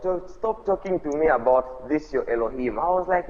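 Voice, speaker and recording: A man's voice: mid-range voice, fairly quick, few pauses, darkish tone, dull audio. A man hosting a religious live stream, talking in an emphatic, repetitive, fervent way. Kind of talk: casual preaching chat.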